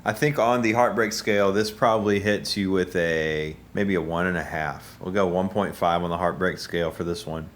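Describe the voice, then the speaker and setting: A man giving casual, joking taste-test commentary as a host, rambling and halting with fillers. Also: sits low. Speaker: musician reviewing drinks.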